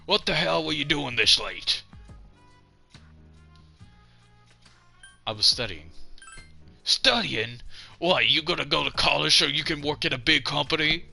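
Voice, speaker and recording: A bitter drunk nursing old grudges, his words gruff and slurred, as a man voices him while reading a game's lines. The voice sits a little higher and louder than his own, with a bright, forceful edge. Faint game music plays underneath. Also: animated, normal speed. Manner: slurred, gruff delivery with rising outbursts. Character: drunk, bitter, lonely middle-aged man. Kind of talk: reading game dialogue aloud in a put-on voice.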